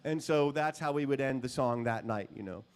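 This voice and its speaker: A man's voice: medium pitch, normal speed, smooth. A man giving a guitar clinic in a music store, telling stories to a live audience in a casual, rambling way. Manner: casual and rambling, with many "um" and "you know". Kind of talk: storytelling talk to a live audience.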